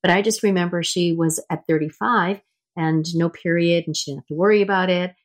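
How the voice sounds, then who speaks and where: A woman's voice: on the low side, fairly even intonation, fairly quick. A middle-aged woman hosting a casual interview, telling stories in a chatty way with many restarts. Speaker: host.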